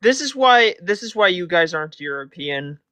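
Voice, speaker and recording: A man's voice: sits high, sing-song, moderate pace, a crowd in the background. A man hosting a live stream, joking crudely and laughing with friends on a call. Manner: brash, crude, laughing banter. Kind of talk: casual group chat on a live stream.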